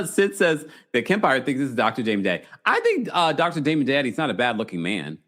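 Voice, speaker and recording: A man hosting a casual live recap show who reads out viewer comments, laughs often and reacts with animated surprise. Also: medium pitch, brisk. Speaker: podcast host reading live chat. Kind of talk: casual reality-TV recap chat.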